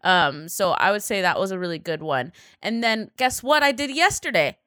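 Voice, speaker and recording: A young woman co-hosts a podcast and chats in a lively, filler-heavy way, swearing casually. Her pitch swings a lot, and the recording is dry and close. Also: normal speed, dry recording. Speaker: podcast co-host. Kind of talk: casual chat.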